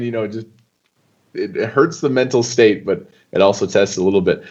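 A young man talking as a guest on an interview show, loose and animated, full of casual fillers. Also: low-pitched, normal speed, dull audio. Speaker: poker player guest.

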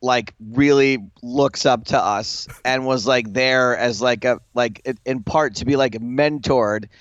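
A man's voice: mid-range voice, measured pace, no room sound. Guy chatting on a podcast, lots of likes, kinda dull lo-fi dry audio. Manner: chatty, lots of filler likes, animated retelling. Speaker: poker show co-host. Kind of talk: casual podcast chat.

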